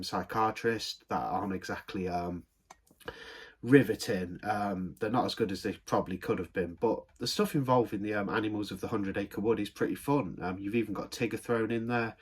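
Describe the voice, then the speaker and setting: A man's voice: low-pitched, breathy edge. A young man giving a rambling film review, full of ums. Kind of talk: casual unboxing review.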